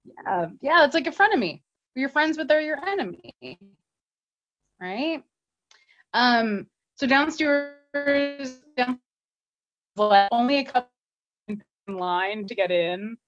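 Woman, casual recap co-host, slightly high pitch, chatty, acts out quotes. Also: expressive, highs cut off. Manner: chatty, quotes characters in quick asides. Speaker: podcast co-host. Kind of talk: casual chat recapping a TV episode.

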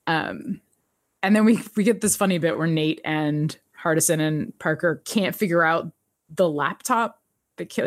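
A woman hosting a podcast, chatting casually as she recaps an episode, telling it in an animated way, laughing often and acting out the characters' lines. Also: deep voice, no room sound, studio quality. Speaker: podcast host.

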